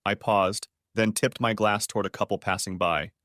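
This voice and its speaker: A man narrating a first-person story in a steady, measured reading voice. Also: fairly low pitch, no room sound, clean studio sound.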